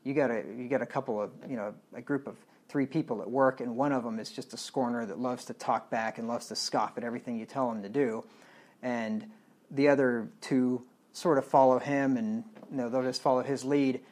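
He talks a little fast in a mid-range, slightly mellow voice with fairly even intonation. In this verse-by-verse sermon, a man moves through a Bible book, reading the old text and explaining it in plain, blunt, everyday talk.

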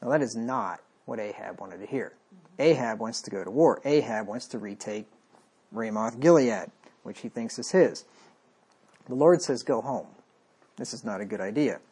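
A man's voice: mid-range voice, warm tone, husky. A man preaching a conversational sermon, reading scripture aloud and wryly acting out the lines of the people in it. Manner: conversational, wry, acts out the king's lines.

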